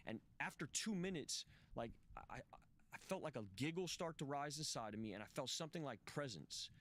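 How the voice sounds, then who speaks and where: On a podcast, a guest shares the story of his recovery with profane, emphatic candor, restarting his restless phrases again and again. His voice is on the high side and fairly bright, with lively intonation and a brisk pace.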